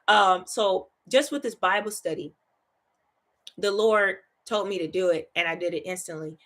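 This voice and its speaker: A woman hosting a Bible study in a casual, chatty teaching style. She is animated, laughs often, keeps asking "right?" and repeats phrases for emphasis. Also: mid-range voice, normal speed.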